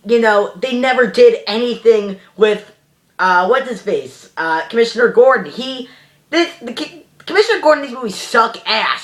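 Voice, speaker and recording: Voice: mid-range voice, a bit bright. A young adult reviewing a movie in a casual, exasperated rant, rambling and full of "you know" fillers.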